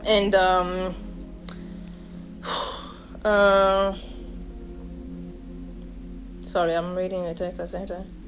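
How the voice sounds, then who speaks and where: A young woman from France, telling a personal story in a vlog in an emotional, halting way with many restarts. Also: lowish voice, little pitch movement, soft background music, poor audio. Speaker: vlogger.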